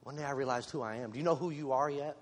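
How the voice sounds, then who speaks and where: A man's voice: medium pitch, quick pace. Man preaching in a reverberant church. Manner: candid, self-deprecating, joking asides to the congregation. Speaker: lay preacher. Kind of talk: informal church sermon. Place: church sanctuary. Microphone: handheld microphone. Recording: long hall reverb.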